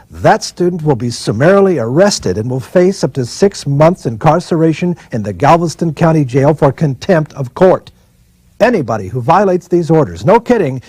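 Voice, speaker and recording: A man's voice: on the high side, darkish tone, husky, dry recording. A man reading out the words of a stern, threatening male federal judge in a severe, warning tone.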